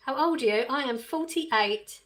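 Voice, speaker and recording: A woman's voice: high voice, normal speed, fairly bright tone. A woman chatting casually on a livestream, reading viewers' comments aloud and answering them with frequent laughs.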